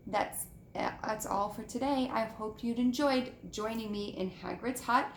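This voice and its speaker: A woman reading a children's book aloud with gentle, expressive storytelling and showing the pictures. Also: a little high, a little slow, slight background noise. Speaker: reader. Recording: echoey room with faint ambience.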